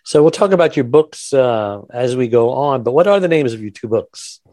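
Man, podcast host, radio-style, enthusiastic, chatty, mid pitch, dry close mic. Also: animated, normal speed, mellow, no echo. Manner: enthusiastic, chatty, laughs often. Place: Los Angeles.

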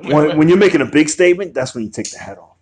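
A man hosting a casual podcast chat, telling lively stories, acting out quotes and swearing freely. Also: fairly high pitch, racing, slight background noise. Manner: animated storyteller who acts out quotes, swears freely. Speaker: podcast host.

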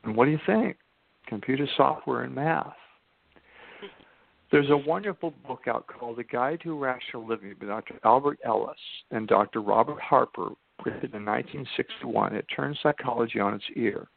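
An older man telling his story as a podcast guest, slowing down to stress key points. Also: mid-range voice, creaky, no echo. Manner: emphatic, slows down for key points. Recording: tinny phone-line sound.

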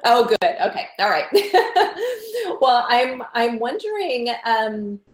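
A woman from Texas with a Texan accent, hosting an interview in a casual, giggly way and often pausing on fillers. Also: fairly high pitch, big pitch swings. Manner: warm and giggly, with some hesitant fillers. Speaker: interview host. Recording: echoey room.

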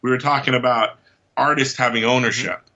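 A man guest on a podcast, telling stories in an animated, casual way, acting out quotes and laughing often. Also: medium pitch, fairly quick, highs cut off. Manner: lively storyteller who acts out quotes and laughs often. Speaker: podcast guest, comics writer.

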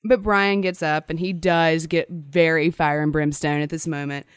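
A woman's voice: deep voice, fairly even intonation, normal speed, smooth, dry recording, studio quality. A woman co-hosting a podcast, recounting a story in casual, conversational chat. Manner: conversational, laughing asides. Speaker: podcast co-host.

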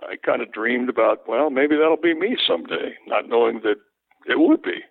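An older man, a veteran sports broadcaster, telling relaxed anecdotes as an interview guest. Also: medium pitch, normal speed, creaky, no room sound. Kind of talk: casual interview, storytelling. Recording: tinny phone line, dry.

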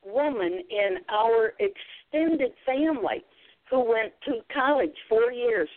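A woman's voice: fairly high pitch, expressive, takes it slowly. A woman from southeastern Kentucky with an Appalachian accent, a guest telling her story in a folksy way. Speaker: guest, author and speaker. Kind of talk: storytelling interview. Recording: tinny phone-like sound.

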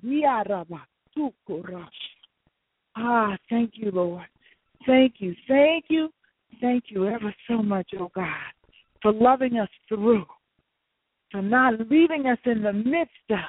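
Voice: medium pitch, breathy edge, dry recording. A prayer leader praying fervently and speaking in tongues, repeating phrases in rhythmic waves that swell and drop. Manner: repetitive, rhythmic, swells and drops in intensity. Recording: tinny phone line, dry.

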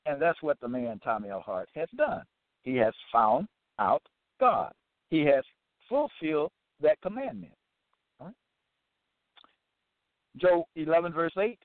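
A man reads scripture verses aloud and explains them, slow and emphatic, restating every question in plain words. His fairly high voice swings widely in pitch. The recording sounds thin and phone-like, with a dry, close sound. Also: very animated, dry recording. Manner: deliberate, emphatic, repeats and restates each question. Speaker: host of a religious teaching episode.

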